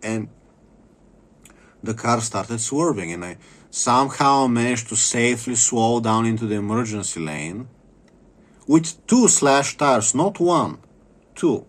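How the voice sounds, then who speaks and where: A man's voice: mid-range voice, lively intonation, takes it slowly, pauses often. A man delivering an angry, profane vlog rant, bitter and repeating phrases for emphasis. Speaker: vlogger. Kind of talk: angry ranting monologue.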